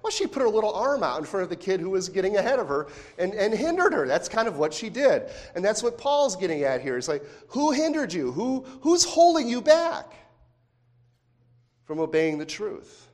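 A man's voice: sits high, big pitch swings, moderate pace, a little mellow. A man preaching a sermon as pastor, talking in a conversational way with frequent rhetorical questions and restarts. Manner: repeats words when restarting phrases.

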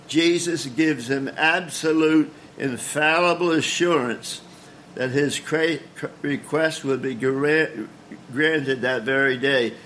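A man delivers a sermon with earnest emphasis, now and then tripping over a word and starting it again. His voice sits a little high for a man. A faint noise runs under the recording. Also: a bit bright. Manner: earnest, emphatic, with frequent stumbles and restarts. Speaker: preacher.

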